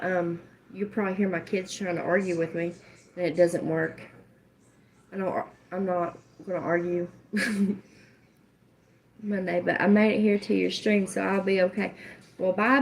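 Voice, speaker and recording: A woman with a drawl chats casually on her livestream. She keeps things joking and loose, laughs easily and swears playfully. Her voice sits at a middling pitch. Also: fairly even intonation, measured pace, a little hiss or hum. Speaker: livestream host.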